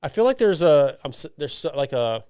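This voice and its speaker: A man with a slightly high, smooth voice hosts a podcast, reading out listener emails and joking as he goes. He talks loosely, with frequent restarts and asides, and the recording is close and dry. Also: very animated, fairly quick, a little mellow, no echo. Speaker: podcast host.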